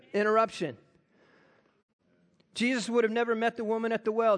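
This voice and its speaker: A man preaching a sermon, animated and acting out quoted voices. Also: high-pitched, brisk, long pauses. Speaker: pastor.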